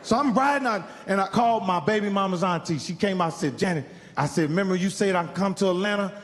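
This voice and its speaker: A middle-aged man from Indiana telling profane stand-up stories with animated, acted-out quotes on a comedy club stage. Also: sits high, fast talker. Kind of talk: stand-up storytelling. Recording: live club sound with hall reverb.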